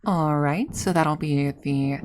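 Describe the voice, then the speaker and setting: A woman putting on a chirpy fast-food cashier. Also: deep voice, a little mellow. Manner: cheery scripted service voice.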